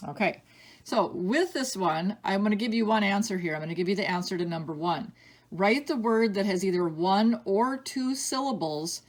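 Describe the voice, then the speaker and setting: A woman teacher giving a recorded spelling lesson, reading each word slowly and clearly, patient and explanatory. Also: medium pitch.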